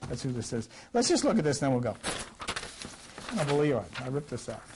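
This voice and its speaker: An older man teaching a scripture class in a rambling, conversational way, his voice a little rough from a recent cough and swinging between loud and quiet. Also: big pitch swings, fast talker, noisy background. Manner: rambling, conversational, with wide swings in pitch and loudness. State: recovering from a cough. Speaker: lecturer.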